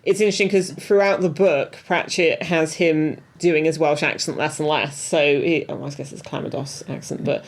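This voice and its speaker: A woman's voice: deep voice, steady tone. Woman, podcast co-host, casual book chat, laughs often. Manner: chatty, laughs often, quick asides.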